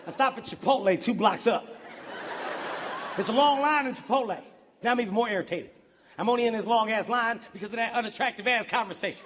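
A man doing a stand-up routine, telling stories in a brash, profane, animated way with shouted outbursts. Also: sits high, fast, big-room sound, noisy background. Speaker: stand-up comedian. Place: large venue with audience.

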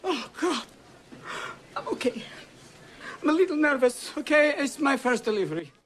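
Flustered foreign doctor in a film comedy, lively pitch. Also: male voice, moderate pace, slight background noise, exaggerated voice. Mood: nervous. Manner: frantic, bumbling, mixes up words. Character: nervous, manic foreign male doctor.

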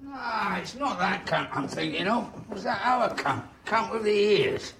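A man's voice: high-pitched, lively intonation, moderate pace, background noise, voice pushed up. A man voicing a foul-mouthed, scornful old pub regular. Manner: cursing, scornful.

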